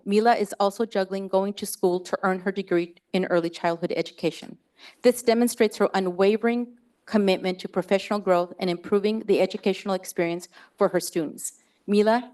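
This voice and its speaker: A woman's voice: medium pitch, steady tone, brisk, darkish tone. Emotional woman honoring staff. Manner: heartfelt, gets emotional and laughs between tributes. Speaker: preschool director. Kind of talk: presenting staff awards at a school board meeting. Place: school board meeting room.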